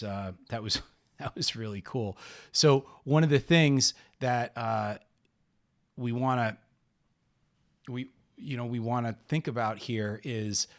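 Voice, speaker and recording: A middle-aged man hosting a podcast, narrating a personal story in an unhurried, rambling way with many pauses and restarts. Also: mid-range voice. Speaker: podcast host.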